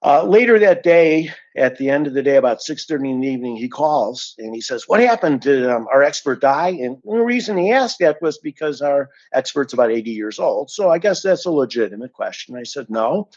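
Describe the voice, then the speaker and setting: A man's voice: mid-range voice, animated, a little fast, few pauses, darkish tone, highs cut off. A man giving an indignant, emphatic account of a complaint as an unhappy client, stressing and repeating his points. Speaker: dissatisfied client giving a review.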